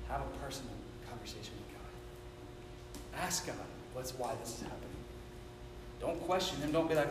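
A man preaching a sermon, swinging from hushed, intimate asides to impassioned, shouted climaxes. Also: medium pitch, expressive, moderate pace, background noise. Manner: builds from quiet intimacy to shouted passion. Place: church sanctuary. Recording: echoey hall with long reverb.

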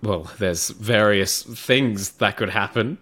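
A man co-hosting a podcast, with a fairly low voice. He chats in a laid-back, joking way and likes to tease. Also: slow pace, sharp tone, husky. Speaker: podcast co-host. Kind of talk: casual chat.

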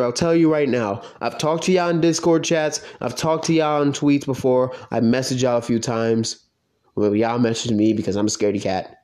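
A man giving an angry, profane rant about an online wrestling league. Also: a little mellow. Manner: profane, heated, pitch swinging widely.

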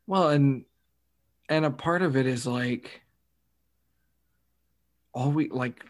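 A man hosting a casual podcast chat, speaking haltingly and repeating words as he thinks aloud. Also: mid-range voice.

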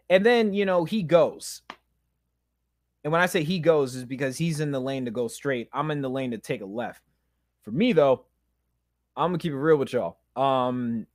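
A man hosting a podcast, telling a personal story in a candid, animated way, with loud emphasis and quiet asides. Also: fairly high pitch, no room sound, studio quality. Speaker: podcast host.

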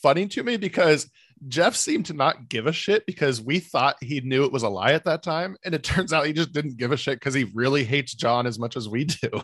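A man co-hosting a podcast, recapping a reality show in relaxed, rambling casual chat full of fillers. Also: mid-range voice, a little fast, no room sound, clean studio sound. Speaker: podcast co-host.

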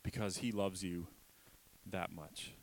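Low-voiced man preaching with emphatic repetition. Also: fairly even intonation, slow, a little hiss or hum, poor audio. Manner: emphatic, repetitive, swings from loud to hushed. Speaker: pastor. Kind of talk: sermon.

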